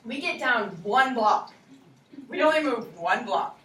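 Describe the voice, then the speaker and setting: A young woman teacher telling a playful, animated story to a class of children, recorded from far away in an echoey classroom. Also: a little high, a little slow, slight background noise. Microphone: distant recorder.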